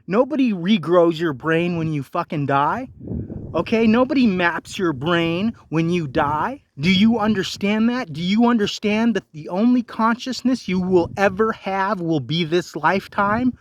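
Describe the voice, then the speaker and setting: A man with a notably high voice rants angrily at the camera, swearing heavily and hammering the same rhetorical questions. His voice sounds dry and close, with no room echo. The delivery is confrontational throughout. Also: expressive, unhurried. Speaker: vlogger. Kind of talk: profane ranting monologue.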